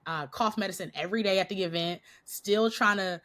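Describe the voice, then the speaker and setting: A woman's voice: medium pitch, a little fast. A woman guest on a podcast, a Christian coach, animatedly telling a story with frequent laughs and a slightly nasal voice from a cold. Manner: animated, laughing often, acts out quotes. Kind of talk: casual storytelling interview.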